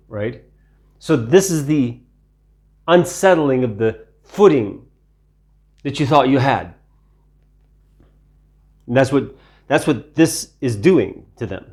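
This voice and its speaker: A man from Ukraine teaching the Bible in a sermon style, deliberate, repeating phrases for emphasis and asking rhetorical questions. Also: mid-range voice, a little mellow.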